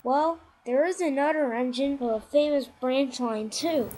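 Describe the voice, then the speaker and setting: A woman's voice: high-pitched, a little slow, darkish tone, a little hiss or hum, rough recording. A woman voicing a timid young male engine in a fan redub of a children's cartoon, hesitant and stammering.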